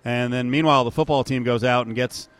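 Dry, sarcastic sports radio host. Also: male voice, medium pitch, fairly even intonation, a little fast, clean tone. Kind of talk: casual sports talk.

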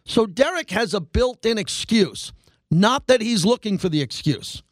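Man, sports talk show host, high voice, fast emphatic monologue, dry close sound. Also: expressive, no room sound. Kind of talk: animated sports radio monologue.

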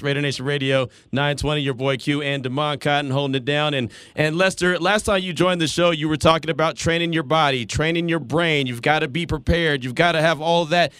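Upbeat radio host guy, bit high, dry mic. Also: steady tone, a little fast, hardly any pauses, a bit bright, clear, resonant tone, no echo. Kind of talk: radio interview.

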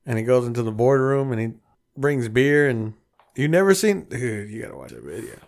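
Profane animated man. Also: medium pitch, fairly quick. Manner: profane, animated storytelling with voiced quotes. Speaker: podcast co-host. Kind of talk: casual chat.

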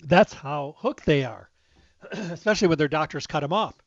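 A man's voice: on the high side, lively intonation, normal speed, no room sound. A middle-aged man hosting a health talk, telling stories in a casual, emphatic way and acting out both sides of conversations. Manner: emphatic, conversational, acts out quoted dialogue. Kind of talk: casual storytelling monologue. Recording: dull, slightly lo-fi dry recording.

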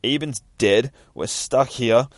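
A man's voice: medium pitch, slow pace, no room sound, clean studio sound, voice pushed up, lightly acted. A man voicing a panicked young male snowmobile renter in a comic read-aloud. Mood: frantic.

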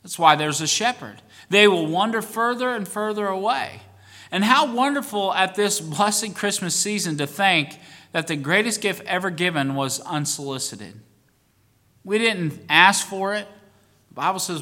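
A male pastor with a high, bright voice delivers a sermon. He drops low for quiet asides and then climbs into ringing emphasis, with a long echo trailing off the walls of a church hall. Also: lively intonation, a little slow. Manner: preaching with rising bursts of emphasis.

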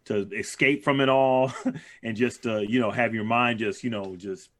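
Man, mid pitch, easygoing, casual podcast chat, lots of fillers. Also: steady tone, moderate pace, fairly bright tone. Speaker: podcast co-host. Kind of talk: casual movie review chat.

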